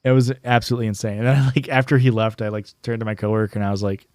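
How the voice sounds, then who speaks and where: A man's voice: on the low side, flat delivery, racing, hardly any pauses, a little mellow, smooth, no echo, clean studio sound. A young man streaming and chatting casually, telling stories in a rambling way, full of fillers and restarts. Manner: rambling storyteller, many "like"s and restarts. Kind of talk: casual chat while gaming.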